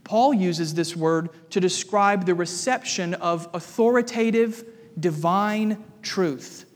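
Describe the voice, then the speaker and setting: Male pastor, sermon delivery, higher voice, deliberate emphasis, church reverb. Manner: measured, emphatic preaching with repetition.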